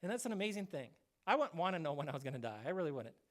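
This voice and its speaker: A man's voice: on the high side, sing-song, rapid-fire. A male pastor giving a casual, conversational sermon, acting out short quoted voices now and then.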